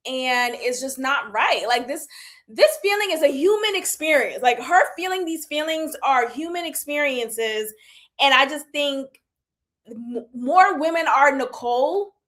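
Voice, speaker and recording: Thirties woman reviewer, high and bright, open and animated. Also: measured pace. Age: 30s. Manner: candid, animated, laughs often. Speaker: reality TV reviewer. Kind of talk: casual commentary.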